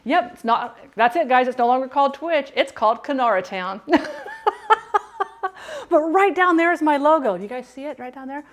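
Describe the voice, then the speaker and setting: A bubbly woman talks through a recipe live from her home kitchen, her voice sitting a little high. She greets her viewers by name with bursts of excitement and often trips over her words before restarting. The sound comes close and direct from a clip-on mic. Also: fairly quick, few pauses. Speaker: food and drink streamer. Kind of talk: live cooking stream chat.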